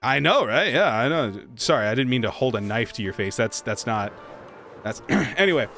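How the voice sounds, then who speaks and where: A man hosting a casual game livestream, greeting viewers by name and answering their chat in a relaxed, joking way. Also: mid-range voice, normal speed. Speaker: streamer host. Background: soft jazz music.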